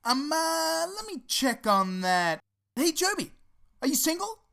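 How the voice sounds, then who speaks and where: A man's voice: extremely high pitch, big pitch swings, unhurried, vocal fry, pushed and bright, full character voice. A man playing a fawning, creepy fake-news co-host in a comedy sketch, reading in a mock-newsreader way with menacing asides. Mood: mock-serious.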